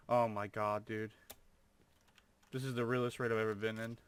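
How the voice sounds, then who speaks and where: A man's voice: fairly low pitch, fairly even intonation, fairly quick, smooth. A young man commentating his own gameplay, full of over-the-top amazement and swearing. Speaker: gamer.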